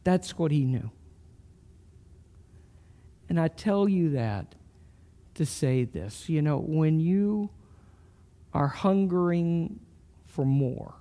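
A middle-aged man preaching a sermon, telling a story slowly and earnestly with soft pauses before leading a prayer. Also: fairly high pitch, lively intonation. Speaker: pastor.

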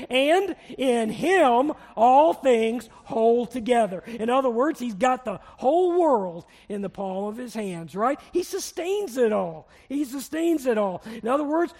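A man preaching a sermon as pastor, repeating his key phrases and leading the congregation in reading aloud. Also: extremely high pitch. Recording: long reverb of a hall.

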